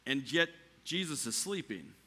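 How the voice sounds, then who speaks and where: A pastor preaches in church with a mid-range, slightly breathy voice at a measured pace. At the peaks he climbs close to shouting, and for the calm lines he softens to near quiet.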